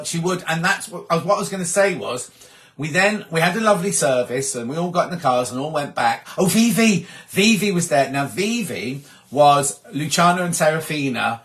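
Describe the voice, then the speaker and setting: A man's voice: fairly high pitch, animated, moderate pace, a bit bright. A middle-aged man hosting a casual live chat, rambling and gossipy as he reads out viewer messages. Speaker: host.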